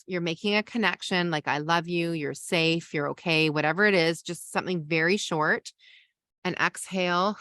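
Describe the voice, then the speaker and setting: A woman's voice: lowish voice, a bit bright, smooth, dry recording, studio quality. A woman, a parenting coach and podcast host, teaching a masterclass in a conversational way and explaining with everyday examples.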